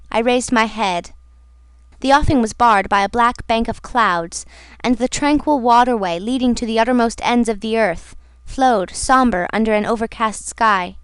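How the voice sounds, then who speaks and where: A woman narrating a classic novel as an audiobook in a measured, dramatic reading. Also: fairly high pitch, clear, resonant tone, no room sound. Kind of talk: scripted narration.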